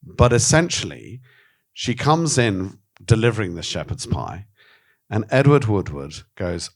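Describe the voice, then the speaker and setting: This documentary filmmaker has a very low voice and speaks at a moderate pace in a candid interview. He tells stories animatedly, swears freely and acts out the voices of the people he quotes.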